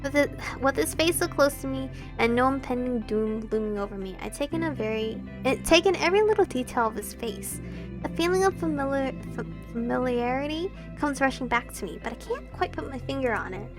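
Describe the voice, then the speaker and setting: A woman reading a visual novel game aloud with expressive, emotional delivery, breaking into giggles and excited reactions. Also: sits high, brisk, music in the background. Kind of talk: dramatic game read-through with asides.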